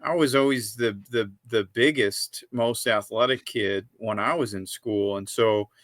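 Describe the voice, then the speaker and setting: A man in a casual conversation with a friend, reflective and halting, with frequent restarts. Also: on the low side, a bit bright, dry recording, studio quality. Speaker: co-host, friend and coworker.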